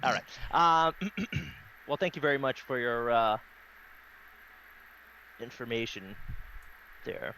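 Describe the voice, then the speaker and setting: A man's voice: mid-range voice, slow, pauses often, slight background noise, rough recording. A man playing a tabletop game in a casual, jokey way. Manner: jokey, lively, laughs often. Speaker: player.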